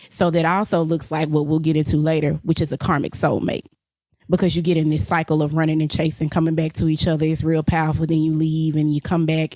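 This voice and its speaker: A woman's voice: sits low, darkish tone, no room sound. A woman co-hosting a casual podcast, talking passionately and bluntly, cussing and laughing. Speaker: podcast co-host.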